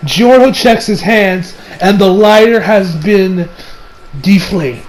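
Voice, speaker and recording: Rambling high-voiced male reviewer. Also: takes it slowly, low-quality recording. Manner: rambling, many restarts and fillers, swears. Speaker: anime reviewer. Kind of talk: casual episode recap.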